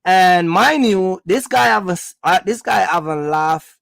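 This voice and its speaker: A Jamaican man with a gravelly, slightly raised voice rambles loosely through a story on his livestream, full of ums and asides. Recorded dry and close, with no room sound. His tone can harden into a blunt, serious warning to his viewers. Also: high voice, lively intonation, measured pace, fairly bright tone, dry recording. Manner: rambling, filler-heavy, turns stern and warning. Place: at home.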